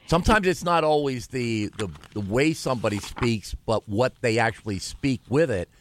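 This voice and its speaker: A man co-hosting a radio show in a studio, speaking in a measured, thoughtful way with some restarts. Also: mid-range voice, a little hiss or hum. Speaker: radio co-host. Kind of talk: casual radio chat.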